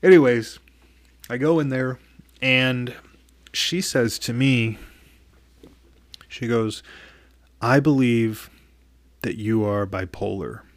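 A man's voice: mid-range voice, no echo. A man telling a personal story in a casual, candid way, swearing freely and often restarting his sentences. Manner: candid, profane, halting with frequent restarts. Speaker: vlogger.

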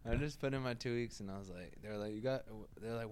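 A man's voice: mid-range voice, fast talker, a crowd in the background. Laughing, teasing young man. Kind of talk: casual chat among friends.

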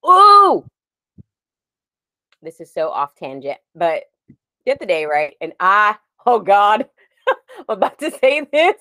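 A woman in her forties co-hosting a podcast, telling a story in an animated, laughing way and drifting off on tangents. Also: medium pitch, moderate pace, no echo. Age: 40s. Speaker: podcast co-host. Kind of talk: casual chat.

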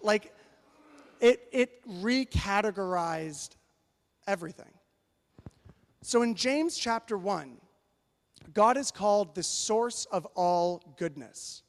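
A man with a high voice preaches to a congregation. He tells stories in an animated, playful way. His voice rings with a long reverb in a large church. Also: takes it slowly, long pauses. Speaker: pastor. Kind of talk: storytelling sermon.

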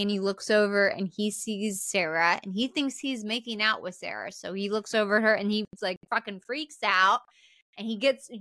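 A woman's voice: mid-range voice, fairly bright tone, no echo. Young woman podcast co-host, casual recap talk, dry close mic. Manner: chatty, frequent "like" fillers, profane.

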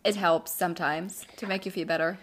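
A woman's voice: on the low side, fairly even intonation, a little fast, slight background noise. A woman co-hosting a podcast in casual chat, making dry, agreeable asides. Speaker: podcast co-host.

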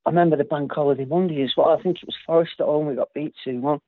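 A man's voice: fairly high pitch, fairly even intonation, very fast, no room sound. A man chatting casually about football, often tacking tag questions onto his sentences. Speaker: football podcast guest. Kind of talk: casual chat. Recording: tinny phone-like line.

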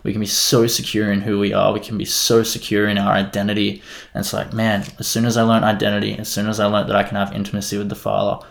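In a casual faith testimony chat, a young male guest shares how he came to his faith, earnest and rambling, with plenty of "like" and "you know." He talks at a quick pace in a lowish, gravelly voice with a completely flat delivery.

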